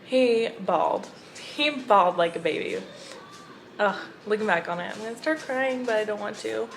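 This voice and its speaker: A woman's voice: medium pitch, normal speed, slight background noise. A young woman chatting casually on her book vlog, gushing and telling stories to her viewers. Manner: gushing, animated storytelling to viewers. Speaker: book vlogger.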